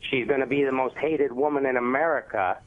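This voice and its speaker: A man's voice: medium pitch, fairly even intonation, brisk. Confident male caller on tinny phone line. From Cleveland area. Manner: confident, insistent, speaks in lists of points. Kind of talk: phone-in caller making a point. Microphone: telephone.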